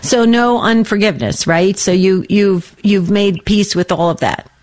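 A woman hosting a faith-based call-in radio show, affirming callers with soft murmurs of agreement. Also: mid-range voice, unhurried. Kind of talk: warm call-in radio chat.

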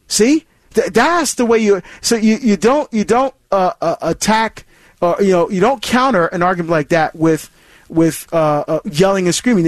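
On a dry recording, a high-voiced man hosts a Catholic call-in show about scripture. He speaks earnestly about faith, frequently starting over and repeating himself.

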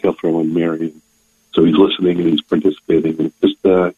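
An older man speaks over a tinny, phone-like line. His voice is low and husky, his delivery halting and full of restarts as he tears up. He sounds close and dry. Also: flat delivery, no room sound. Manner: halting, emotional, many restarts. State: tearing up. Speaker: caller. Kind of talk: call-in testimony.

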